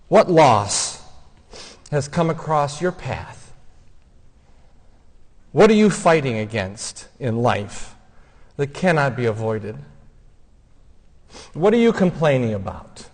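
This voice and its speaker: A man giving a funeral homily, speaking in a gentle, heartfelt storytelling way. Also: mid-range voice. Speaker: homilist and son of the deceased. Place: church. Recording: long church reverb.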